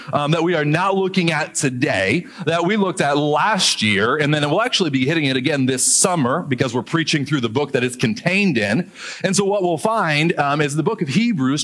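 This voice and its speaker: A man preaching a sermon as pastor, lively, joking aside now and then and drawing out key words for emphasis. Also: a little high. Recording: long hall reverb.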